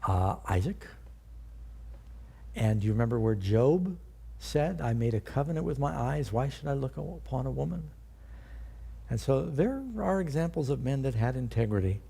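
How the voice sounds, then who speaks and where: A man's voice: medium pitch, expressive, moderate pace, gravelly, long pauses, mellow, husky. An older man, a pastor, teaching a sermon in a conversational way and asking his listeners questions.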